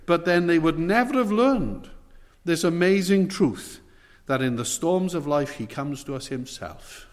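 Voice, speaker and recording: A man's voice: a little high, animated, a little slow. A man preaching a sermon with emphatic, rising and falling delivery. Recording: long hall reverb.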